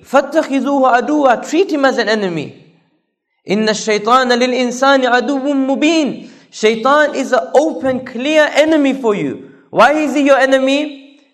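Casual: high-voiced guy preaching a sermon, repeats himself a lot, asks lots of rhetorical questions.

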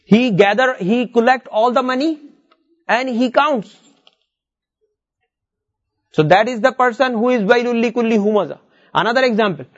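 High-voiced man teaching Arabic. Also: normal speed, long pauses, muffled recording. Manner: explains step by step, repeats words, reads Arabic verses aloud. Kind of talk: classroom lesson.

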